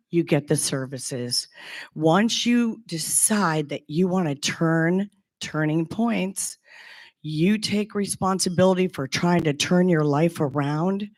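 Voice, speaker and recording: A woman in her sixties giving a heartfelt personal testimonial as a former clinic patient, talking in an earnest, halting way with frequent restarts. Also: deep voice, darkish tone, no room sound. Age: 60s.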